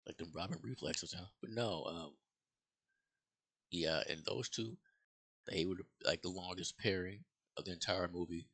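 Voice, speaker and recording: A man's voice: deep voice, steady tone, normal speed, a bit bright. A man giving a casual, rambling movie review, swearing freely and full of fillers and restarts.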